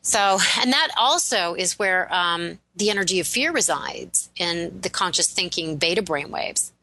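A woman's voice: on the low side, expressive, a little slow, bright, forceful tone, poor audio. A woman who is a relationship and prosperity expert, speaking as a guest in a radio interview and explaining ideas in an enthusiastic, affirming way.

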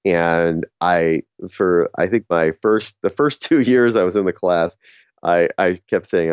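Middle-aged man, deep voice, relaxed self-deprecating storyteller who stumbles and restarts; dry, close recording. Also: smooth, dry recording. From New Jersey. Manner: halting, many restarts, laughs at himself. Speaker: speaker on courage. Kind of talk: casual storytelling monologue.

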